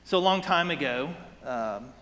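A man's voice: on the high side, lively intonation, measured pace, a bit bright, big-room sound, a little hiss or hum. A man giving a sermon as pastor, praying and then preaching in a conversational way, with many rhetorical questions and asides to the congregation.

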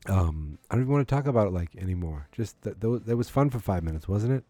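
Weary, sarcastic low-voiced man podcasting. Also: lively intonation, fast talker, warm tone, no echo. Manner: dejected, sarcastic, swearing. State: tired, yawning late at night. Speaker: podcast host. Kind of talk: solo sports podcast rant.

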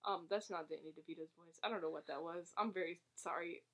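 A woman's voice: on the low side, quick pace, fairly bright tone. A woman casually recapping a movie plot for a co-host, rambling and giggling, with lots of fillers and restarts. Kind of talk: casual chat.

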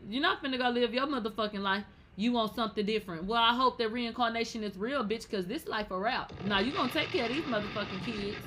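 A woman hosting a casual celebrity gossip vlog, talking brashly and profanely with loud outbursts. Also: on the high side, expressive, fast, slight background noise. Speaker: gossip vlogger.

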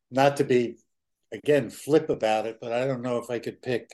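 A man who grew up in New York, a guest in a casual interview chat, relaxed and blunt, swearing offhandedly. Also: mid-range voice, moderate pace. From New York area.

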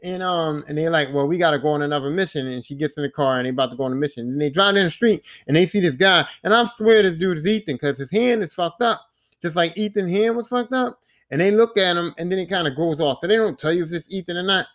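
A man with a high voice tells a game's story on his podcast. He is animated and profane, and he acts out each character's lines as he goes. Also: fast. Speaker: podcast host. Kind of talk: casual game recap monologue.

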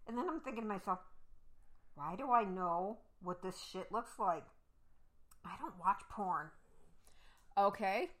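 A woman co-hosting a casual chat, telling a story with animated delivery, laughing often and acting out quotes. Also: mid-range voice, unhurried, pauses often. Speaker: podcast co-host; mother.

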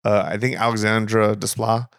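A man's voice: on the low side, little pitch movement, moderate pace, creaky, dry recording, clean studio sound. A young man co-hosting a casual film podcast, rambling with restarts and laughing often. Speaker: podcast co-host. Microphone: studio microphone.

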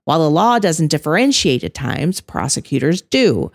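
A woman reading aloud voices a steady, practical man who lays things out flatly and firmly. The tone is low and dry. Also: normal speed, creaky, no room sound, heavily acted. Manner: flat, firm. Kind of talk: audiobook character voice.

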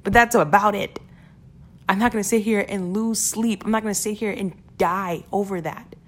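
A woman's voice: medium pitch, fairly even intonation, moderate pace. Earnest chatty woman giving a pep talk. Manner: earnest, repeats words, laughs between points. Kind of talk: casual motivational talk.

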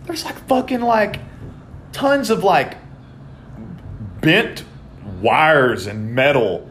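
A man, chatting casually on a podcast and telling stories in a profane, animated way. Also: fairly high pitch, drawn-out words, slight background noise. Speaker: podcast co-host. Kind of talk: casual chat.

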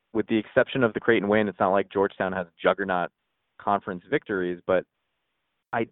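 A man's voice: fairly low pitch, no room sound. A man co-hosting a podcast in casual sports chat, rambling with many restarts. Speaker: podcast co-host. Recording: tinny phone-like line.

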